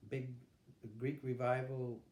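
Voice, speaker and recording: A man's voice: mid-range voice, monotone, slow pace, darkish tone, roomy sound. An older man, being interviewed about his life and telling it candidly, acting out what people said. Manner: candid storytelling, acts out quotes. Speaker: interviewee, veteran. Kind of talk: recounting his life story.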